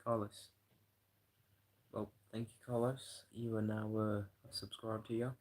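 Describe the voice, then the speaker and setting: A man's voice: fairly low pitch, flat delivery, a little slow, a little mellow, poor audio. A British man chatting loosely on a live stream, rambling and swearing, with lots of "you know". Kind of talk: rambling casual livestream chat.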